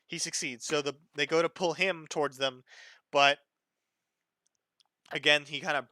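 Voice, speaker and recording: A man's voice: a little high, fairly even intonation, normal speed, pushed and bright, slight background noise. A man acting as dungeon master, casually narrating a tabletop game with plenty of fillers.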